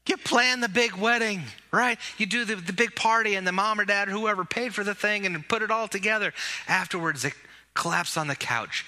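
A man preaching an Easter sermon with animated emphasis, leading the congregation in call-and-response while his voice is giving out. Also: high-pitched, moderate pace. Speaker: pastor.

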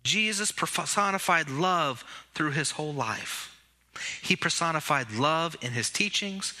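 A male pastor with a piercingly bright, somewhat high voice delivers an Easter sermon. He preaches with animated emphasis and rallies his congregation to shout back. His voice is starting to give out. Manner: animated preaching, leads the congregation in call-and-response. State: voice giving out.

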